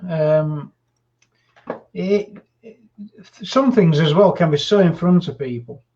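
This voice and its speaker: Slow hesitant guy hosting an interview, kinda high voice, muffled lo-fi sound. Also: darkish tone. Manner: hesitant, full of fillers. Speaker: host. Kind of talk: casual interview chat. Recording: dull lo-fi audio.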